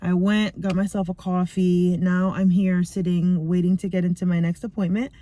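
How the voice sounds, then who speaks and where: A woman's voice: lowish voice, level tone, normal speed, no echo. Candid woman talking in a dry car. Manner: chatty, candid, drifts between talk and soft asides. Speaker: vlogger. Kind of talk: casual personal video diary. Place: sitting in a parked car.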